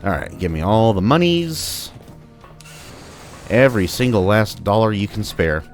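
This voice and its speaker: Chatty low-voiced man playing a game. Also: very animated, measured pace, faint music behind. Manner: joking, chatty, talks to enemies. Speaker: gameplay commentator. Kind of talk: casual let's-play commentary.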